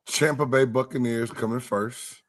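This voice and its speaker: A man on a sports roundtable panel gives his picks in a relaxed, joking way. His voice sits at an ordinary pitch. The sound is dry, with no room echo. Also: normal speed. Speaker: podcast panelist. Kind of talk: casual sports roundtable chat.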